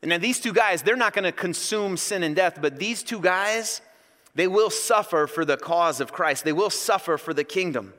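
A man preaching a sermon, an animated, joking storyteller. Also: sits high, normal speed, in a large hall. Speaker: pastor.

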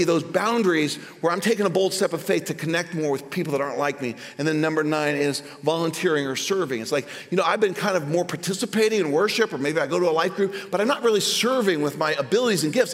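Male pastor, high pitch, animated sermon delivery, repeats words, recorded in a reverberant hall. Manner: animated, voice jumps high for emphasis; repeats words when starting sentences.

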